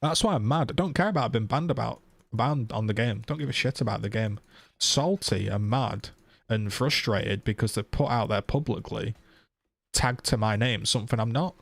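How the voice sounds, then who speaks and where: A male streamer in a heated, sweary rant, throwing rhetorical questions at his audience. His voice sits at an everyday middle pitch. The sound is dry and close, with no room around it. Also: moderate pace, creaky, no echo. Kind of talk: casual live-stream rant.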